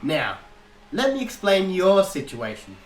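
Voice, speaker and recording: A man's voice: sits high, wildly swooping pitch, a little slow, pitched above the performer's own voice, exaggerated voice. A man voicing a cocky, sarcastic male biker vampire hunter in a mocking, taunting manner. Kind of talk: audiobook character reading. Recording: echoey room, faint guitar music.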